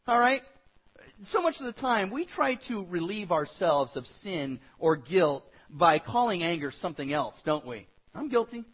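A man preaching a sermon as pastor, animated and acting out quoted voices, with a husky voice. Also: high voice, moderate pace, muffled recording.

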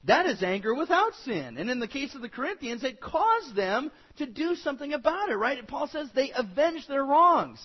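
A man preaching a sermon as pastor, animated and acting out quoted voices, with a husky voice. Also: very high voice, normal speed, few pauses, muffled recording.

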